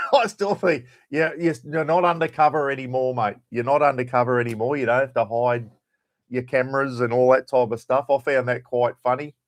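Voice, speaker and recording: A man's voice: medium pitch, moderate pace. Chatty Australian man greeting viewers. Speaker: livestream host. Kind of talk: casual live-stream chat.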